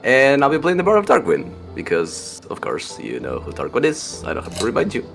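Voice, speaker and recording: A man's voice: mid-range voice, huge pitch swings, brisk, gravelly, music in the background. A man playing in a tabletop game, joking and chatting casually. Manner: joking, playful. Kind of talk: casual livestream chat.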